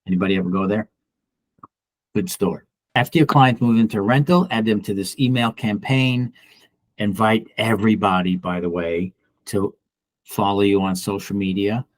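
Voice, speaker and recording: A middle-aged broker leads a casual training session for agents. He speaks bluntly and with animation, and he acts out the people he quotes. His voice sits somewhat low and comes across dry and close. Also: moderate pace, no room sound. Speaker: real estate broker and trainer. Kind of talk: casual office training talk.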